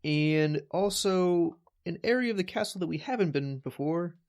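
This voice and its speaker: Male podcast co-host, casual reread chat, dry humor, halting delivery. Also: on the high side, expressive, a little mellow. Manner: wry, jokey, halting restarts. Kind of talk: casual book discussion.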